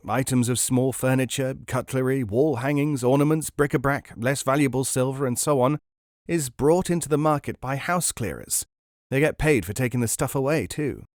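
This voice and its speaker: Male audiobook narrator, mid pitch, measured, dry studio sound. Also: no echo. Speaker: podcast narrator. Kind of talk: scripted narration of a book.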